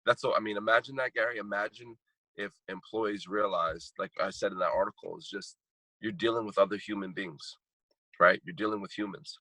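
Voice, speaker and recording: A heartfelt man sharing a personal story on a podcast, earnest and prone to repeating himself for emphasis. His voice sits low and sounds husky yet forceful. The recording is dry and close. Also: steady tone, brisk, no room sound, low-quality recording. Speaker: guest speaker and coach.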